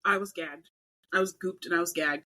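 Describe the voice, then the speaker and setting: A woman's voice: lowish voice, normal speed, bright, forceful tone, rough recording. A young adult woman co-hosting a casual podcast chat, ranting animatedly with mock outrage. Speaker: podcast co-host.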